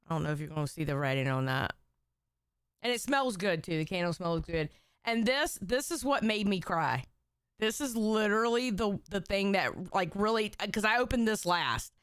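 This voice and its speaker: A woman's voice: medium pitch, a bit bright, smooth, no echo, clean studio sound. A woman hosting a casual livestream, emotional and teary, joking and swearing as she chats with viewers. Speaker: livestream host.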